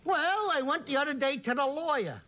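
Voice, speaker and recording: An older man spins jokes and stories in loose, slangy talk-show banter. His voice is bright and forward, and it leaps up and down as he tells a tale. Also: very high-pitched, lively intonation, fairly quick. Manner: comic storyteller, slangy and gruff. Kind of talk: casual chat with joke telling.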